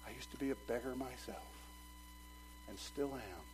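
A male pastor preaching a sermon, swinging from loud urging to low, quick asides. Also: background noise.

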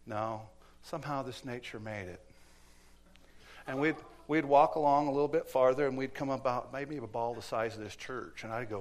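A man preaching a sermon in a church, telling stories with acted quotes and swinging between loud and hushed delivery. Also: mid-range voice, normal speed.

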